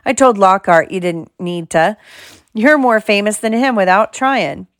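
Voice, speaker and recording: A woman voicing a big, gruff, kindly male half-giant groundskeeper in an audiobook, speaking bluntly and colloquially. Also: medium pitch, measured pace, no echo, clean studio sound, close to an everyday voice. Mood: hearty. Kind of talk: audiobook character voice.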